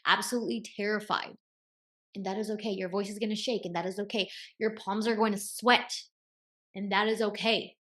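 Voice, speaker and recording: A woman's voice: medium pitch, a bit bright. A young woman hosting a self-help video, giving casual motivational advice and repeating key phrases for emphasis.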